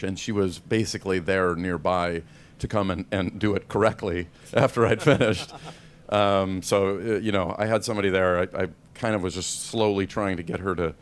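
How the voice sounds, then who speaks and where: A man in his forties with a fairly low voice, taking audience questions at a film event. He talks in a self-deprecating way and laughs often. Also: clear, resonant tone. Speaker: actor guest. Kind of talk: press event Q&A.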